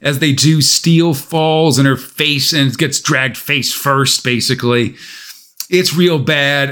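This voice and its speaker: A man's voice: medium pitch, fairly bright tone. A man co-hosting a casual podcast, recapping a comic story with wry asides. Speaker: podcast co-host.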